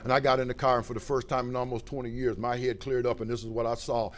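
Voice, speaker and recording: A middle-aged man from Ohio, giving a plain-spoken personal testimony at a recovery meeting, swinging between loud and quiet. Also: mid-range voice, level tone, fast talker, a little hiss or hum. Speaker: recovery speaker.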